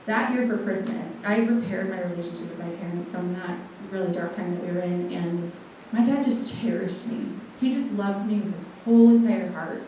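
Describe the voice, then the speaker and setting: A woman in her twenties giving a personal testimony to a live audience, telling it in a lively way and acting out what people said. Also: lowish voice, moderate pace, few pauses, noisy background. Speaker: guest speaker. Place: large room with a live audience. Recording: echoey hall, voice from far off.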